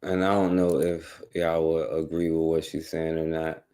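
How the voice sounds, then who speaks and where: A man's voice: extremely low pitch, level tone, moderate pace, warm tone, clean tone. A man hosting a talk radio show, chatting loosely in slang with many fillers and restarts. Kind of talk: casual radio chat.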